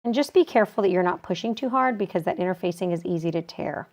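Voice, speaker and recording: A woman calmly explaining a quilting technique step by step as she works with her hands. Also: fairly low pitch, fast talker. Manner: calm, practical, talks while working with her hands. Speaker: quilting instructor. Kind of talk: step-by-step sewing tutorial.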